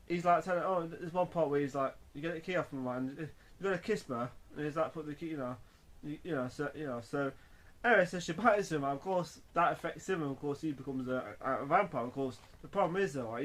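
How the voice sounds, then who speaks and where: A man reviewing a film in a casual, rambling way, full of fillers and restarts. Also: on the high side.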